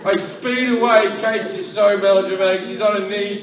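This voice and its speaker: A man doing stand-up, telling a profane story with animated delivery and acting out other people's voices. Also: high-pitched, moderate pace, hardly any pauses, background noise. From Australia. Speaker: stand-up comedian. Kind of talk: stand-up comedy set. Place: large comedy venue with a live audience. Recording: echoey hall, voice from far off, loud ambience.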